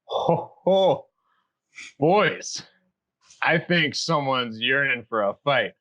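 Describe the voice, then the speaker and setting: A man's voice: mid-range voice, lively intonation, slow pace, a bit bright, muffled recording. A man voicing a dashing, cocky male tiefling brawler in a tabletop game, smug and showy as he lays down a challenge.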